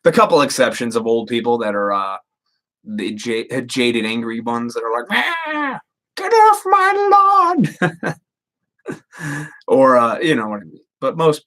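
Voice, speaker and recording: A man's voice: medium pitch, sharp tone. A man in his thirties rambling casually and profanely to viewers on a live stream. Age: 30s.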